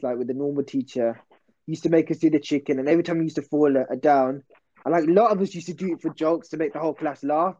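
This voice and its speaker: A man's voice: a little high, mellow, muffled recording. A young man telling a rambling, slangy story on a casual podcast. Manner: rambling, slangy, self-interrupting. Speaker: podcast host.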